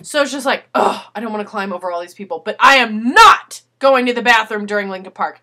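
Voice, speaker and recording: A young woman telling a story in a casual video letter, animated and swearing, acting out what people said. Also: a little high, brisk. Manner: animated, swearing, acts out quotes.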